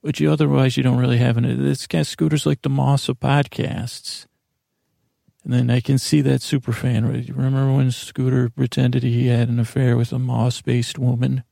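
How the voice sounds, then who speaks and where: A man in his forties hosting a podcast, delivering a meandering, stammering bedtime monologue in a drowsy, deadpan way. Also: medium pitch, normal speed, creaky, no echo, clean studio sound. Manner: meandering, stammering, with many restarts. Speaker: podcast host.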